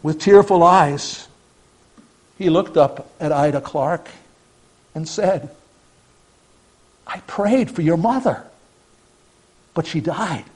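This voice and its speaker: A male pastor delivering a sermon in a notably high voice. He speaks with earnest conviction, pressing hard on key phrases and then dropping almost to a murmur. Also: low-quality recording. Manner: earnest preaching, swings from emphatic to hushed.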